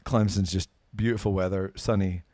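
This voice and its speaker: Speaking with a Scottish accent, this podcast guest chats casually and tells stories, cursing and mocking himself along the way. His voice sits low and is a little mellow, with fairly even intonation at a normal speed.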